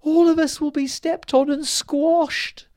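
Storybook fairy queen, put on by a man: very high, frantic, pleading, sweeping melody, dry close sound. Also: little pitch movement, takes it slowly, darkish tone, no room sound. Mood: panicked. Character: frightened fairy queen, small and magical, woman. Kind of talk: storybook reading.

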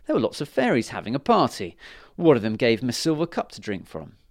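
Male storyteller for children's fairy tales, animated voice, dry close sound. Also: medium pitch, fast, dry recording. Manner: lively, expressive storytelling.

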